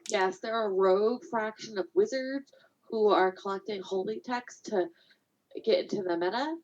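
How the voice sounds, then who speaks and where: A woman's voice: medium pitch, normal speed, lo-fi sound. Chatty woman playing a tabletop game. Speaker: player.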